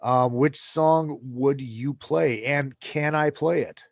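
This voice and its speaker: A man's voice: mid-range voice, takes it slowly, gravelly, dry recording. A man hosting a podcast in a loose, off-the-cuff way, swearing casually as he talks. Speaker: podcast host.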